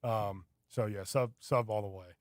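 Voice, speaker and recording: A man's voice: on the low side, unhurried, no room sound. Dry-sounding man rambling through a story. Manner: rambling, animated storytelling with many fillers. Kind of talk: casual radio chat. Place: radio studio.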